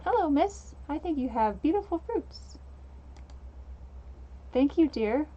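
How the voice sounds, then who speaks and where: Brief: kindly insect fruit seller, read by a woman, buggy high voice, muffled recording. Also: big pitch swings, slow pace, warm tone, full character voice. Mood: sweet. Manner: sweet, buggy voice. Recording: dull lo-fi mic.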